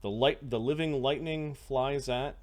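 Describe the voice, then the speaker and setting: A man's voice: mid-range voice, a little slow. A man running a tabletop game as game master, working out rules and numbers aloud. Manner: steady, working out numbers aloud with many uhs.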